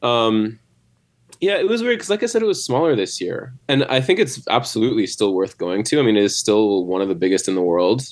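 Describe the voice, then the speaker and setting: A man's voice: lowish voice, animated, fairly quick. A man, the guest bar owner, chatting casually on a podcast and retelling stories with lots of fillers.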